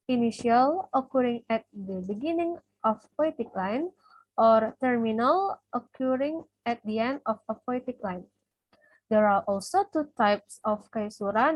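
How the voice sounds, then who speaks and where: A woman's voice: a little high, no room sound, rough recording. A young woman, a student from Indonesia whose first language is Indonesian, reading her class presentation steadily from notes. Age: young adult. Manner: reads steadily from notes, listing terms.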